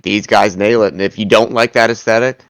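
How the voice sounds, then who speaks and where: A man in a casual chat, laid-back and even. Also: on the low side, a little fast, no echo.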